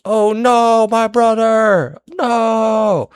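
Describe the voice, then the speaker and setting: A man voicing a young woman soldier who grieves her brother and then toughens up to stay on mission, in a squeaky falsetto. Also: fairly even intonation, normal speed, fairly bright tone, no echo, clean studio sound. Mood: wailing.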